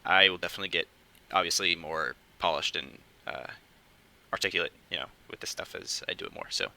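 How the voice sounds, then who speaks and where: A young man hosting his own casual podcast, talking quietly and hesitantly at home late at night, with many fillers. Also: deep voice, brisk, rough recording. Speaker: podcast host. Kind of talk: casual solo podcast talk.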